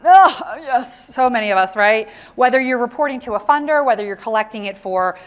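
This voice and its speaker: A woman giving an interactive conference talk on workplace inclusion, animated and often checking in with the audience with a quick "right?". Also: fairly high pitch, clean tone. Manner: animated, tags lines with "right?" to engage the audience. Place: conference session room.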